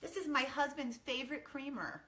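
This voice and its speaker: A middle-aged woman chatting casually from her quiet home kitchen, upbeat and rambling with many ums. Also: high voice, moderate pace, a little hiss or hum. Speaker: wellness vlogger. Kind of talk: casual morning chat to camera.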